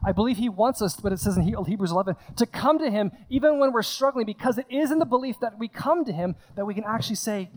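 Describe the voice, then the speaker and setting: A man's voice: sits high, lively intonation, fast, few pauses. A man preaching a sermon from a stage in a conversational way, acting out scenes and often repeating his words. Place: stage in front of a congregation.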